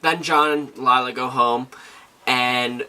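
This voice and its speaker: A man's voice: mid-range voice, takes it slowly, clean tone. A young man co-hosting a casual chat, recapping TV episodes and acting out the characters' lines. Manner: animated, acts out characters' lines while retelling. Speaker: co-host.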